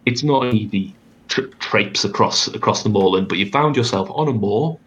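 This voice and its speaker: A man's voice: fairly low pitch, moderate pace, fairly bright tone, lo-fi sound. A man narrating as game master over a video call, with a wry, rambling delivery and plenty of fillers. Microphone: computer mic on a video call.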